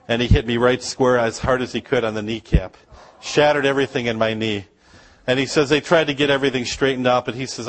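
Man from upper michigan, middle-aged missionary, church storyteller, chatty asides, mid pitch. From Upper Michigan, USA. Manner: anecdotal storytelling with laughs and asides to the congregation. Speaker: missionary speaker. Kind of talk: humorous missions sermon.

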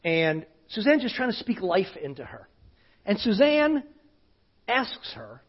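A pastor with a fairly high, husky voice tells a story from the pulpit, casual and conversational, often sinking to a near hush. The recording sounds dull and lo-fi. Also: male voice, wildly swooping pitch, unhurried. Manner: conversational, often dropping to a hushed voice. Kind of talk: sermon storytelling.

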